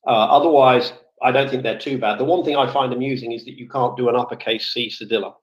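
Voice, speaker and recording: A man's voice: medium pitch, steady tone, fast talker. A man in a casual live audio-room chat who rambles and corrects himself, with many fillers, speaking as a former office IT worker. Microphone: computer or phone mic in a live audio room. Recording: dull lo-fi online audio-room stream.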